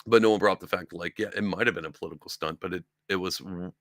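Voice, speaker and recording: Low gravelly man ranting casually. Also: fairly even intonation, quick pace, a bit bright, dry recording, clean studio sound. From upstate New York. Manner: rambling, conversational, mocking impressions of others. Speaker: podcast host. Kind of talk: casual political commentary.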